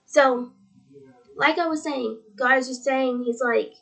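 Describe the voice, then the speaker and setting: A woman's voice: sits high, little pitch movement, a little slow, fairly bright tone. A seventeen-year-old girl talking earnestly in a faith vlog, rambling and tearful, often quoting with "he's like". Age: teens. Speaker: religious vlogger.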